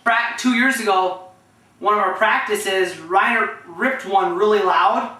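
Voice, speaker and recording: A man telling casual anecdotes in an animated way, acting out what people said, with restarts. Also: sits high, unhurried. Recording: echoey room, distant from mic.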